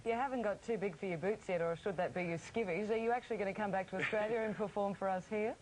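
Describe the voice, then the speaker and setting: A woman hosting a morning TV show, asking bright, teasing questions. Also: mid-range voice, fast talker, noisy background. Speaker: TV show host. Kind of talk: live studio interview.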